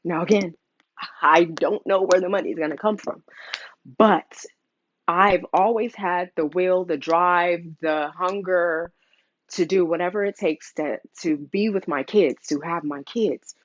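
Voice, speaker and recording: A woman's voice: lowish voice, a little slow, dry recording, muffled recording. A young woman in an earnest personal vlog, telling a custody story and getting emotional as she talks, with many fillers. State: emotional, near tears. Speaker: mother sharing a custody story.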